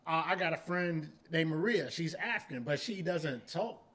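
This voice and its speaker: Guy cohosting a podcast, slangy and argumentative, bright voice a bit high. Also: expressive, moderate pace. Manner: laid-back, argumentative, slangy. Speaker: podcast co-host. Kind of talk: casual chat.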